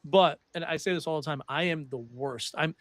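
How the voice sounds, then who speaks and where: A young man hosting a podcast, chatting casually and telling animated stories with some swearing. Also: on the high side, moderate pace, a little hiss or hum. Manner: animated storyteller, swears freely. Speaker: podcast host. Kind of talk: casual chat.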